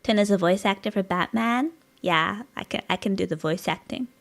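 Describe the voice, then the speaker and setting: A woman streamer chats casually while gaming on a live stream, her mid-range voice creaky and her pace moderate. She's giggly and playful, laughing often.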